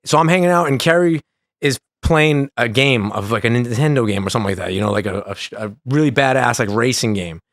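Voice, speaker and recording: A man's voice: mid-range voice, brisk, fairly bright tone, dry recording, studio quality. A man telling a rambling backstage story as a podcast guest, full of swearing and restarts. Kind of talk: casual storytelling chat.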